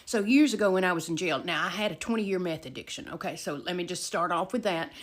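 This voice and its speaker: A middle-aged woman telling a casual storytime, animated, with loud emphasis and hushed asides. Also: on the low side, fast.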